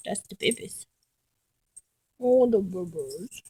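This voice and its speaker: A woman's voice: mid-range voice, sing-song, unhurried, a bit bright, slightly rough, no room sound, rough recording. A woman at home talking to her dogs in cooing baby talk. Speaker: dog owner.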